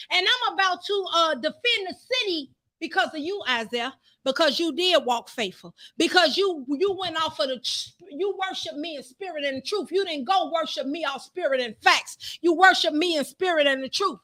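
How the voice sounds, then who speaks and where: Fervent high-voiced woman preaching. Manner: fervent, shouts praise, repeats phrases. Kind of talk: sermon.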